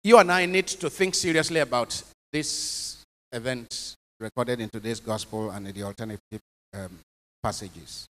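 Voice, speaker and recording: Priest preaching in a reverberant chapel. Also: male voice, medium pitch, normal speed, a bit bright. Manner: preachy, emphatic, asks the congregation questions. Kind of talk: homily.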